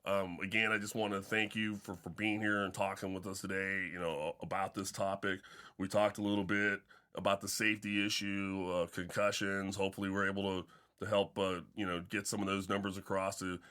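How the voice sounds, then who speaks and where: Bright-voiced man hosting a sports podcast. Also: deep voice, level tone, brisk, smooth. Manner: storytelling, many restarts and fillers. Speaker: podcast host and football coach. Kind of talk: casual podcast chat.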